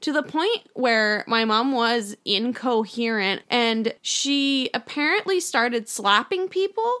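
A young woman, co-hosting a casual podcast chat, telling animated stories and swearing freely. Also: a little high, slow. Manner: animated storyteller, swears, acts out voices. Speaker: podcast co-host.

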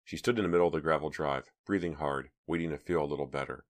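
A man narrating an audiobook in an even, measured storytelling manner. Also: extremely low pitch.

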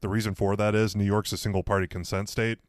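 A man's voice: lowish voice, flat delivery, fast talker, no echo, clean studio sound. A man in casual podcast chat, joking around and laughing often.

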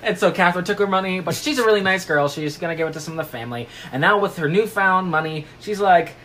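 A woman's voice: lowish voice, fast, a little hiss or hum. A woman casually recapping a book on a podcast, joking and putting on voices for the characters. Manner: animated, jokey, puts on voices for characters. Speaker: podcast co-host recapping a novel. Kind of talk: casual chat, playful storytelling.

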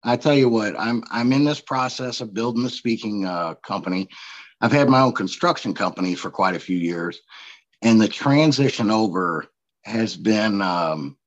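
A man's voice: fairly low pitch, moderate pace, lo-fi sound. A man in his forties from Missouri, a coach and speaker telling stories in a casual podcast interview, laughing often. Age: 40s. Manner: chatty storyteller, laughs often.

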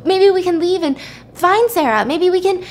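A woman's voice: high-pitched, fairly even intonation, a little fast, pitched above the performer's own voice, lightly acted. A woman voicing a frightened young woman trapped in a cave, pleading in a breathless panic. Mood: desperate.

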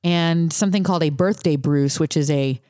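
A woman's voice: sits low, fairly quick, warm tone, dry recording. A woman co-hosting a podcast, presenting stories in a dry, wry casual manner. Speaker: podcast co-host.

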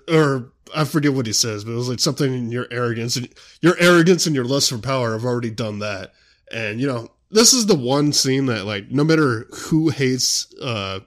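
Rambling young man hosting a chat show. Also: mid-range voice. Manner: rambling, full of "you know" fillers. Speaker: show host. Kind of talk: casual solo chat.

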